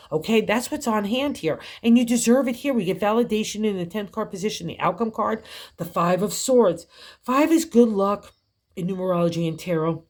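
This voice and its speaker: A woman's voice: medium pitch, expressive, moderate pace, darkish tone. An older woman giving a tarot reading, chatty and encouraging, laughing often as she talks. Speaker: tarot reader.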